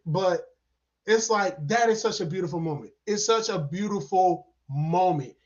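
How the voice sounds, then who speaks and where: High-pitched guy rambling excitedly through a movie review, lots of fillers, kinda muffled lo-fi sound. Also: moderate pace. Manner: excitable, rambling, heavy use of fillers and repeats. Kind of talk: casual spoken movie review. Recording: dull lo-fi sound.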